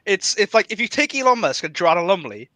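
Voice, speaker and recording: A man hosting a casual political podcast chat, animated and quick to laugh, jumping up in pitch when he jokes. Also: a little hiss or hum. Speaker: podcast host.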